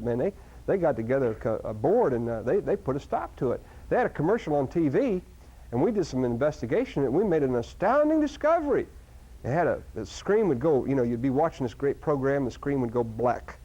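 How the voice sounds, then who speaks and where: A man giving a live seminar talk to an audience, animated, with sudden loud outbursts and frequent restarts. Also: mid-range voice, quick pace, slightly rough. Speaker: seminar speaker. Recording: dull lo-fi recording.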